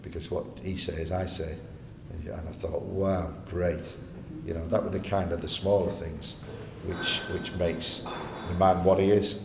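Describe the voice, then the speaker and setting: Speaking a little slowly, with little pitch movement and hardly any pauses, a male guest speaker tells chatty anecdotes to a live audience. He often laughs and acts out the people he quotes. The arts venue hall is echoey, with a faint rumble in the recording.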